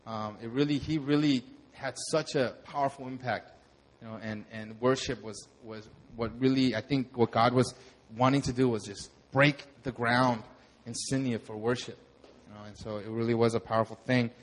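A young man, a pastor, telling a lively sermon testimony and acting out the moments in his story. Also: mid-range voice, normal speed. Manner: animated storytelling, acts out shouts.

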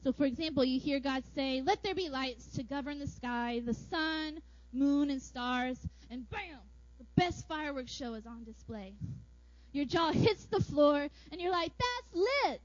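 A woman with a high voice preaches a sermon, playful and animated, slipping in jokes and little acted-out asides. The sound is dry and a little dull, with no room around it. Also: normal speed, dry recording.

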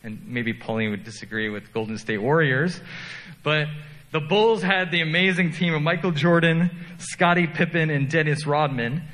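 A man's voice: on the high side, moderate pace, fairly bright tone, big-room sound, poor audio. A man preaching a sermon as pastor, telling self-deprecating stories in a conversational way.

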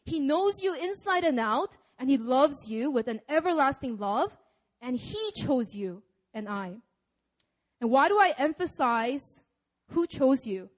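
A young woman delivers a sermon with a bright, high voice. She talks in a loose, conversational way and laughs easily between points. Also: expressive, measured pace. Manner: casual and conversational, laughs often. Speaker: preacher.

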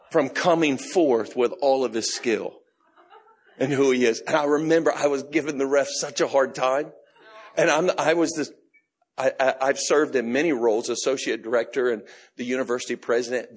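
A middle-aged man pastor preaching a sermon, telling a personal story with laughs and bursts of shouting. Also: mid-range voice, slightly rough. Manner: animated storytelling, laughing, shouting in retold moments.

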